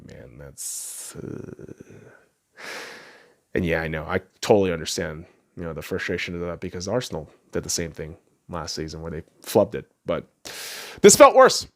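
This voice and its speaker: Young male podcast host, profane, animated sports rant, voice leaping up and down. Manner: excitable, swings from low mutters to loud outbursts.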